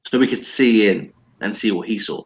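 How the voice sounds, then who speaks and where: A man's voice: lowish voice, normal speed, low-quality recording. A man playing in a tabletop game, asking hesitant questions full of fillers. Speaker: player. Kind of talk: casual tabletop role-play.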